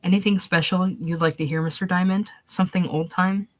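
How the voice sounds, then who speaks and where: A woman's voice: fairly low pitch, steady tone, a little fast, dry recording, natural voice. A woman voicing a grinning, deferential male nightclub pianist in a storybook reading, folksy and eager. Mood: eager to please.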